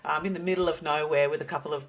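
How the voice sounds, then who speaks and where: Australian woman guest, lowish voice, lively anecdotal storyteller who acts out dialogue. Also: very fast. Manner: animated storyteller, acts out quotes with high bursts. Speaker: guest, company CEO. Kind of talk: casual podcast chat.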